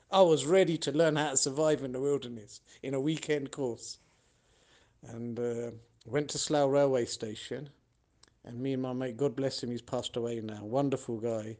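Englishman telling stories, casual and animated. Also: mid-range voice, unhurried. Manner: animated, acts out other people's lines. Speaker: podcast host telling his own stories. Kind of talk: casual storytelling monologue.

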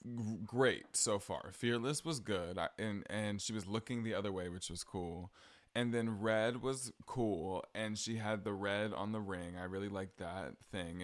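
A man's voice: lowish voice, no echo. A young man with a Southern accent, chatting casually on his solo podcast with frequent ums and likes. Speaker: podcast host.

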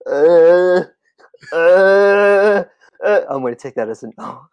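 A man co-hosting a casual podcast, speaking in a relaxed, musing way with casual swearing and earnest, drawn-out points. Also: sits high, clear, resonant tone, dry recording. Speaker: podcast co-host.

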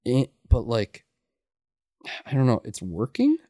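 A man's voice: medium pitch, huge pitch swings, a little slow, mellow, no echo, studio quality. A man co-hosting a podcast in casual chat, easygoing and agreeable, often restarting his sentences. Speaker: podcast co-host.

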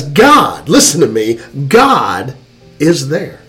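Slow, expressive preacher man. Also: a little high, faint music behind. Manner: fervent, dramatic pauses. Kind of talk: sermon.

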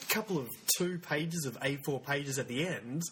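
A man's voice: fairly high pitch, normal speed, slight background noise. A man co-hosting a podcast, telling rambling, self-mocking stories in casual chat. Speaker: podcast co-host.

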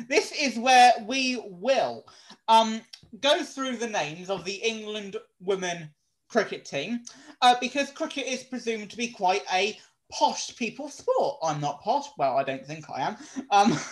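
A young co-host in casual podcast chat, playful and quick to laugh. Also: male voice, sits high. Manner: playful, giggly banter.

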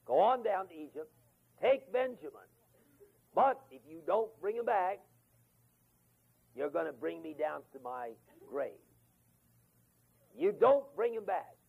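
A man's voice: sits high, animated, a little slow, gravelly, long pauses, slightly rough, full character voice. A man voicing an aged, grieving father who is gloomy and stubborn, pleading in a mournful way. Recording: tinny lo-fi tape of a lecture.

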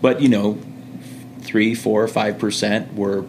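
A young American man, a former missionary, telling lively stories in a casual podcast chat and acting out quoted voices. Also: fairly low pitch, takes it slowly, background noise. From United States. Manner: animated storyteller, acts out quoted voices and laughs.

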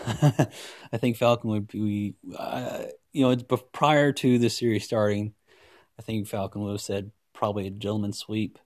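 Low, warm-toned male podcast host, excitable and rambling, dry close-mic sound. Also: a little slow, no echo. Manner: rambling and excitable, many restarts. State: hiccups. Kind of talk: solo sports podcast talk.

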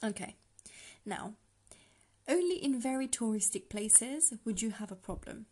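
A woman teaching a language lesson on a podcast, patient and slow, breaking phrases down for the listener to repeat. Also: on the high side, lively intonation, warm tone, slightly rough.

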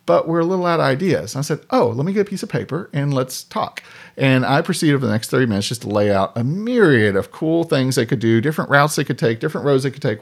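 A man telling stories in casual conversation, animatedly acting out the voices of people in his anecdotes. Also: mid-range voice. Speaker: podcast guest. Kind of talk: casual storytelling.

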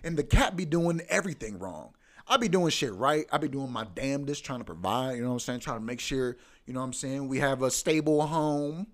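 A man's voice: medium pitch, expressive, fairly quick. A young man hosting a podcast in a casual, profane, ranting monologue that keeps coming back to "bro.". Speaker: podcast host.

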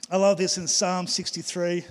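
A middle-aged man preaching a sermon with emphatic, repeated phrases in a church. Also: high-pitched. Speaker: pastor. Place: church hall. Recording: long hall reverb.

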